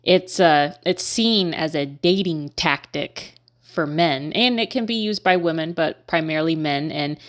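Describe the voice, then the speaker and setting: A woman hosting her own channel, talking casually and frankly with many fillers like "um" and "you know.". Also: deep voice. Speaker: host. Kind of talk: casual commentary to camera.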